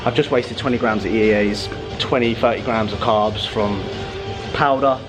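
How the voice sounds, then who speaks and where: A man's voice: fairly low pitch, steady tone, moderate pace, music in the background. Sweary bloke vlogging from his car. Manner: profane, blokey banter. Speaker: fitness vlogger and coach. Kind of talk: casual vlog chat. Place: parked car in a car park.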